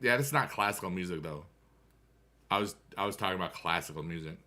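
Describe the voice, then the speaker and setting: Bright-voiced rambling male streamer. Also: low-pitched, fast. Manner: rambling and talkative, chats to viewers while gaming; musical asides, hums tunes. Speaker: livestreamer answering chat. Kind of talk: casual livestream chat.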